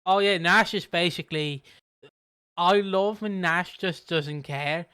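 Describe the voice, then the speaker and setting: A man's voice: sits high, takes it slowly, pushed and bright, smooth. A man co-hosting a casual podcast, rambling and joking with lots of fillers and swearing. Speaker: podcast co-host. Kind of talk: casual chat.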